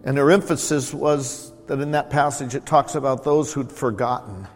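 A man's voice: medium pitch, steady tone, normal speed. Man preaching in an echoey church. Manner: warm, conversational preaching with repeated emphasis. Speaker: pastor. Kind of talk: sermon. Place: church sanctuary.

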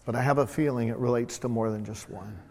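Male pastor, mid-pitched voice, emphatic repeated points, long church reverb. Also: fairly even intonation, fast, a little mellow, a little hiss or hum. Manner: emphatic, repeats key phrases. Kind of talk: sermon. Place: church sanctuary.

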